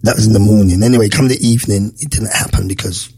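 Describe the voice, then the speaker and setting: A man's voice: fairly low pitch, fast talker, breathy edge. A man hosting a radio show, telling a story in a casual, emotional way and acting out the voices. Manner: animated, emotional storyteller who acts out voices. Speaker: radio presenter.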